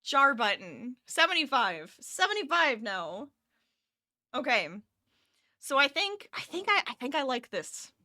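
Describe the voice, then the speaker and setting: Bright-voiced woman chatting on a crochet stream. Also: high-pitched, very animated, measured pace, no echo, clean studio sound. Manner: chatty, laughs often, reads chat aloud. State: tired. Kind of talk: casual live-stream chat. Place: home office.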